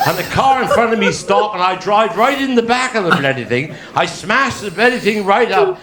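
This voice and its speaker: A man with a Cornish accent telling rapid-fire stand-up stories, laughing at his own jokes. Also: sits high, animated, echoey room, background noise. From Cornwall. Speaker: stand-up comedian.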